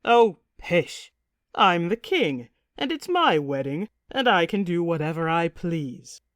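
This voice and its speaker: Woman doing a loud blustery tipsy king, big and pompous, dry close sound. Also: lowish voice, sing-song, slow, dry recording. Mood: jovial. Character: boisterous tipsy middle-aged king. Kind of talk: audiobook character reading.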